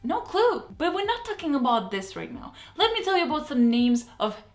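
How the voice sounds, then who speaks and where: Young female vlogger, Russian accent, high pitch, playful and animated; echoey room, faint music bed. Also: normal speed. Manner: animated, playful, exaggerated emphasis. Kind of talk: casual vlog commentary.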